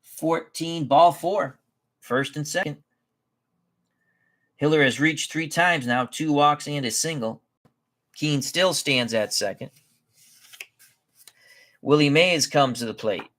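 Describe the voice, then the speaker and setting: With a slightly high, somewhat bright voice, a man hosts tabletop baseball and offers easygoing, chatty commentary on each play, catching and fixing his mistakes.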